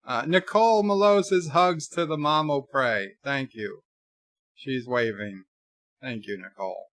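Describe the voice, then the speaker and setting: Man, casual stream commentary, wry and sarcastic, mid pitch, dry close sound. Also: measured pace, a bit bright, no room sound. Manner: wry, sarcastic asides with fillers. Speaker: streamer watching a film with chat. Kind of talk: casual live commentary, reading chat.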